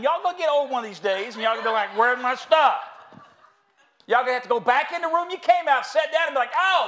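With a very high, slightly bright voice, a middle-aged American pastor delivers a sermon laced with humor in the sanctuary. He tells stories in a folksy way and keeps calling the crowd y'all.

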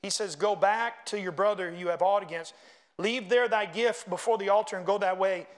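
A man preaching a sermon, reading scripture aloud and making animated asides to the congregation. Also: high-pitched, normal speed. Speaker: pastor.

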